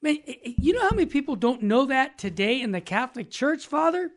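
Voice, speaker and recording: A man's voice: very high-pitched, sing-song, fast. Enthusiastic Catholic talk host, man. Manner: enthusiastic, affirming, reads prayers aloud. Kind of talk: devout Catholic talk show conversation.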